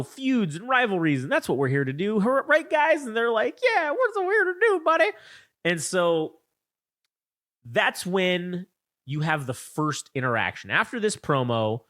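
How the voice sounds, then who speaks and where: A man co-hosting a wrestling podcast, retelling a feud in excited, profane, rambling chat on a close mic. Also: fairly high pitch, no echo. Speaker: podcast co-host. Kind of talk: casual chat, wrestling recap.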